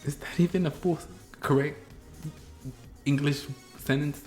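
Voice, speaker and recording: A young man hosting a reaction vlog, chatting casually with self-mocking rambles and quick jumps in energy. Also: on the high side, faint music behind. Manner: animated, self-mocking, rambling with bursts of laughter. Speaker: YouTube reaction host.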